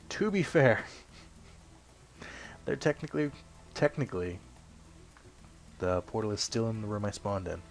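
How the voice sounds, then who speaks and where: A young man with a low, deep voice chatters loosely over a game he is playing. He wanders off topic, swears casually and pokes fun at himself, clearing his throat every so often. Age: young adult. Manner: rambling, self-deprecating, swears casually. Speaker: let's play host. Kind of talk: casual gameplay commentary.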